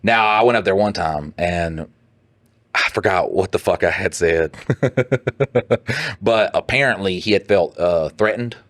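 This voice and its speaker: Profane, animated low-voiced man. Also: measured pace. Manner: profane, animated storytelling with put-on quoted voices. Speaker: podcast co-host. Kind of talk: casual storytelling chat.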